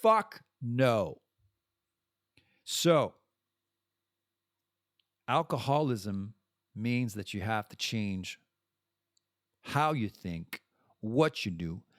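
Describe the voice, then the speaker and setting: A man's voice: mid-range voice, no echo, studio quality. A French-speaking man hosting a podcast, talking candidly and bluntly in a personal monologue and swearing freely. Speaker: podcast host.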